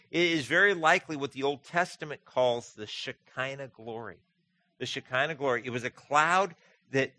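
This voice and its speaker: With no echo in the recording, a pastor delivers an earnest sermon. His voice climbs to emphatic peaks, then sinks low and quiet whenever he reads scripture.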